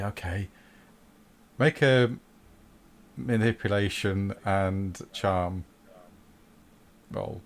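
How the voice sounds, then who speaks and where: Brisk man running a tabletop game. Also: lowish voice. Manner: brisk, laughs along with players. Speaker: game master. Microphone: online voice call.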